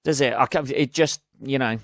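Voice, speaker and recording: A man's voice: mid-range voice, normal speed, vocal fry, a bit bright, no room sound, studio quality. An English man hosting his own podcast, rambling and swearing freely, joking darkly and acting out both sides of imagined conversations. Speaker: podcast host. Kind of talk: casual solo monologue.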